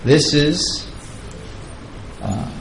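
A man's voice: a little high, lively intonation, very slow, creaky, slight background noise, poor audio. A man giving a devotional lecture, retelling scripture in a chatty, digressive way and chuckling at his own asides. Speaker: spiritual teacher.

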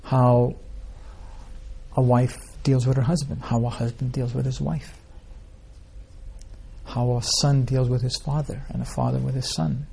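Gravelly man giving a scripture talk. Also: medium pitch, flat delivery, a little slow, long pauses, warm tone. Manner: rambling storytelling with rhetorical questions. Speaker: spiritual teacher. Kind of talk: informal scripture class.

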